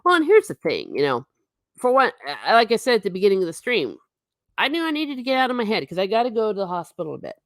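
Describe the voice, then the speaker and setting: A woman's voice: medium pitch, huge pitch swings, fast talker, dry recording, studio quality. A middle-aged woman hosting a casual livestream chat, reading viewer comments and laughing often with self-mocking asides.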